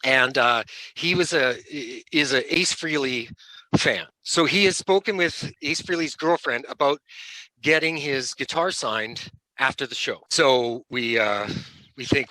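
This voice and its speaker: Bright-voiced man telling rock tour stories. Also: on the high side, measured pace, no echo, rough recording. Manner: animated storyteller who laughs between lines. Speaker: rock band lead singer, guest. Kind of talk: casual anecdote telling.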